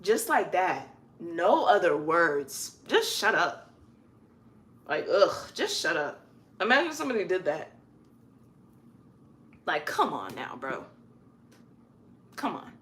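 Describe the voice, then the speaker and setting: A woman with a fairly low voice chats freely on a live stream, her pitch swooping up and down a lot as she talks. She sounds casual and animated, drawing out words to make a point while she works on her hair. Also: slow pace, pauses often. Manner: chatty and animated, stretches words for emphasis. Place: at home doing her own hair.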